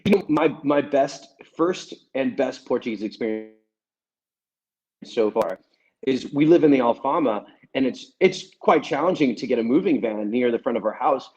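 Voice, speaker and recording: A man, a guest comic, telling stories in a casual, animated way and laughing as he goes. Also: medium pitch, moderate pace, highs cut off. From United States. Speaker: guest comedian. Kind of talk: casual storytelling.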